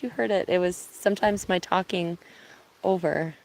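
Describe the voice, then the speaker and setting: A woman from Ontario chatting casually on an outdoor live stream, speaking softly, answering viewers and laughing easily, filming on her phone. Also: on the low side, normal speed, gravelly, low-quality recording. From Ontario, Canada. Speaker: live-streaming bird watcher. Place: outdoors at a cottage. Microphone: phone on binoculars, held by hand.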